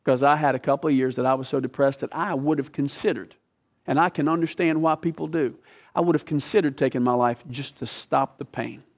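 A man's voice: mid-range voice, fairly quick, vocal fry. A man preaching a sermon as a pastor and counselor, quoting Scripture and putting questions to the congregation.

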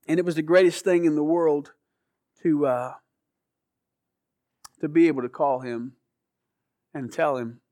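A man's voice: fairly high pitch, a little mellow, no echo, clean studio sound. A middle-aged man giving an earnest, emotional personal testimony as a guest, often restarting his sentences. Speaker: guest telling his story.

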